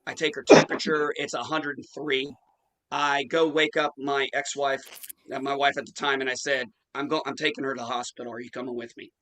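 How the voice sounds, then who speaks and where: A man's voice: mid-range voice, little pitch movement, fairly quick, fairly bright tone, rough recording. A man in his forties telling a profane story in casual chat, acting out the quotes. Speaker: podcast host.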